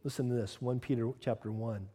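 A man's voice: medium pitch, fairly even intonation, a little fast, mellow, slightly rough. A man preaching a sermon as a pastor, moving between earnest teaching and casual conversational asides. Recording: long hall reverb.

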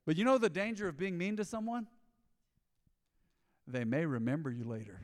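Storytelling pastor in a reverberant hall. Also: male voice, a little high, normal speed. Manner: storytelling, animated, acts out dialogue. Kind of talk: sermon.

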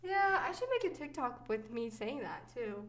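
A woman's voice: a little high, very animated, normal speed. A young woman hosting a podcast, telling personal stories in casual chat, chatty and giggly with many fillers. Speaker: podcast host.

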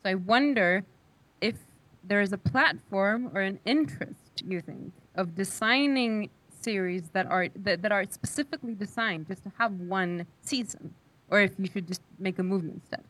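A woman's voice: medium pitch, moderate pace, fairly bright tone, low-quality recording. Tentative woman asking from the audience. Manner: tentative, explains herself at length. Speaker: audience member asking a question. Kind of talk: audience question.

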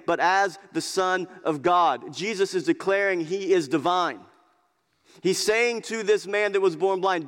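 A man preaching with a slightly higher-pitched voice, emphatic and repetitive as he presses each point, sinking at times into hushed intensity. His words ring out with a long reverb, as if in a big hall. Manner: repeats words as he builds. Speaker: pastor. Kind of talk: sermon.

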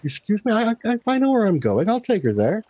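A man putting on a high eager woman guide. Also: wildly swooping pitch, fairly quick, warm tone, no echo, dull audio, full character voice.

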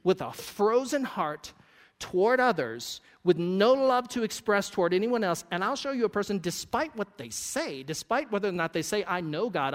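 Male pastor, conversational sermon delivery with humor; high voice, long hall reverb. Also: sing-song, normal speed. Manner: conversational, joking asides to the congregation.

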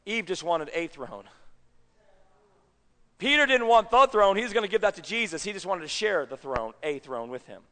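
In a large hall, a male pastor with a high voice delivers his sermon at a moderate pace. He's conversational and lively, often pausing to make sure the congregation is following him.

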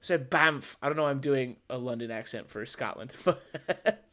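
A man co-hosting a podcast in casual chat, dropping quick deadpan jokes. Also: medium pitch. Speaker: podcast co-host.

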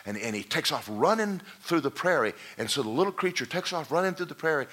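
A man preaching a sermon who tells a parable with animated storytelling and acts out the voices of its characters. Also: mid-range voice, fast talker, hardly any pauses. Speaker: pastor.

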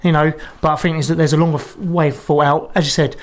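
A man's voice: on the high side, flat delivery, fast talker. A man chatting as a guest on a casual podcast, filling his talk with "you know". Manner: says "you know" a lot. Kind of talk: casual chat.

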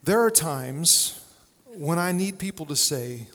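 A man's voice: a little high, moderate pace, a bit bright, big-room sound. A male pastor preaching a sermon in a conversational, storytelling way, with plenty of fillers and restarts.

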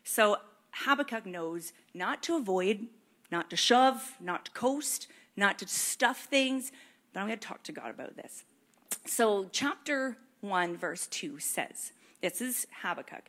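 A woman's voice: medium pitch, animated, unhurried, a bit bright. A woman preaching a sermon in a casual, earnest way, reading scripture aloud and talking it through with many fillers.

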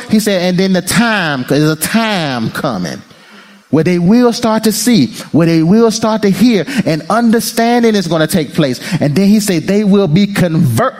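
Pastor guy preaching, high voice that jumps all over, talks back and forth with the crowd. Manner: call-and-response preaching, acts out prayers and quotes; swings between high excited bursts and low murmured prayer. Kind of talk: sermon.

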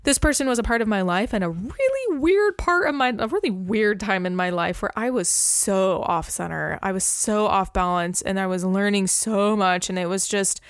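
Smooth-voiced young woman telling stories. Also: mid-range voice, normal speed, few pauses, no echo, studio quality. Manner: animated storyteller, laughs often, acts out quotes. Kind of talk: casual podcast chat.

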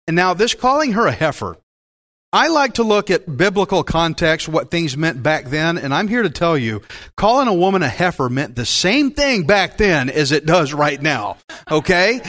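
A man preaching a Bible-teaching sermon as pastor, in a folksy, joking and animated way. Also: a little high, moderate pace.

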